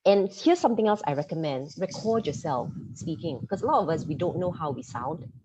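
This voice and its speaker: A woman media coach from Singapore giving an online masterclass, talking fast and lively and laughing easily. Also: fairly low pitch, noisy background. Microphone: computer mic on a video call. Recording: dull lo-fi video-call audio.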